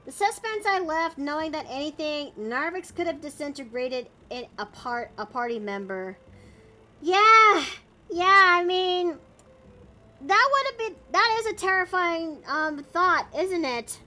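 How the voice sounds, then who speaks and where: A woman's voice: sits high, expressive, measured pace, bright, forceful tone. A woman chatting casually while drawing on her art stream, narrating her steps in a playful way.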